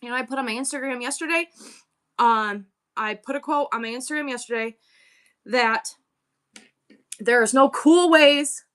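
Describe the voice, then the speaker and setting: Bright-voiced, candid woman livestreaming. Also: sits high, moderate pace, long pauses, clear, resonant tone. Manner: candid, rambling, emotional talk with many restarts; blunt and swears freely. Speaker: livestream seller and host. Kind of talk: casual livestream chat.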